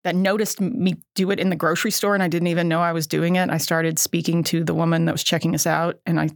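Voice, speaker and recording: A woman's voice: lowish voice, little pitch movement, fast talker, no room sound, studio quality. A middle-aged woman co-hosting an educational podcast, chatty and self-deprecating, laughing at herself often. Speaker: podcast co-host. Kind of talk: casual educational podcast chat.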